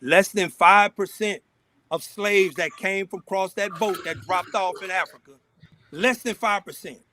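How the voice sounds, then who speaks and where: High-pitched panelist, combative, keeps repeating himself. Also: male voice, measured pace, sharp tone. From Louisiana. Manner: combative, repeats phrases while talking over others. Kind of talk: heated casual debate.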